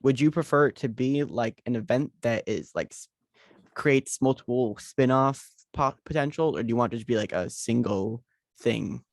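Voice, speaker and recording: A male podcast co-host chatting casually over a video call. He rambles and hesitates, filling gaps with fillers. His voice sits at an ordinary pitch with a dry, close sound. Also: normal speed, no room sound. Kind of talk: casual chat.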